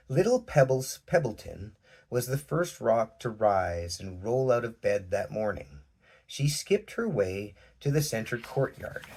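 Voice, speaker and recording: Husky, low-voiced male storyteller. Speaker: narrator. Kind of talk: storybook narration.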